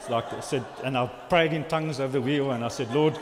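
A man preaching, telling a personal story in a halting, rambling way with many restarts. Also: medium pitch, noisy background. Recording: long hall reverb.

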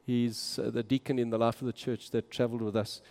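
A man's voice: mid-range voice, level tone, brisk, a little mellow. A man, a minister, narrating travel photos in a casual, enthusiastic and exclaiming way. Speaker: minister on a mission trip. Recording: long hall reverb.

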